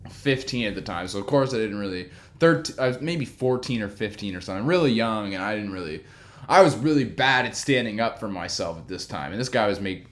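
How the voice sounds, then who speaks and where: Young man, casual rambling storyteller, filler-heavy, echoey room sound. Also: medium pitch. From New Brunswick, Canada.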